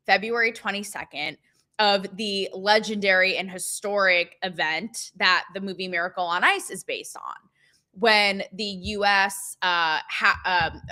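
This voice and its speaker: Bright-voiced chatty woman host. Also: mid-range voice. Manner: chatty, sarcastic, full of fillers and asides. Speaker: show host. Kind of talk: casual opinion commentary.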